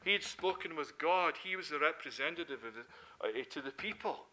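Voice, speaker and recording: A middle-aged Scottish man preaching a sermon, earnest and emphatic, climbing to forceful peaks and sinking low again. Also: animated, normal speed. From Scotland.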